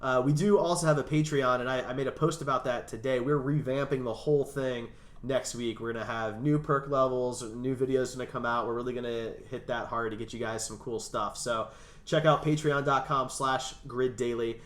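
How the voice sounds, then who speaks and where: A man's voice: medium pitch, fairly even intonation, moderate pace. Male podcast host, casual panel chat, easy laugh, roomy echo on the voice. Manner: steers talk, laughs easily.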